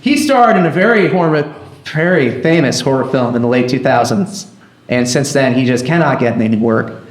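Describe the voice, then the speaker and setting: A man's voice: medium pitch, lively intonation, normal speed. Rambling male host in an echoey room. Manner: rambling, self-deprecating, trailing restarts. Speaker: comedy show host. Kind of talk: live show hosting banter. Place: live comedy venue. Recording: roomy live room.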